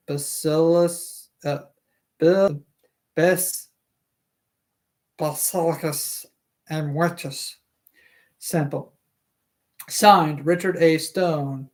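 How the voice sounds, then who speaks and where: Slow live stream book reader, trips over big words, keeps correcting and chatting between lines. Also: medium pitch. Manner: stumbles over hard words and self-corrects aloud. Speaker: streamer reading a novel aloud.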